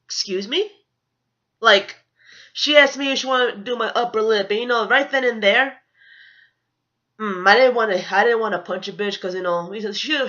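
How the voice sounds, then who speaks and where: A woman with a bright, forceful voice rambles through a storytime rant as a vlogger, swearing freely and sounding indignant, with "you know" in nearly every sentence. The audio is dull and lo-fi, as if recorded on a cheap mic. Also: medium pitch.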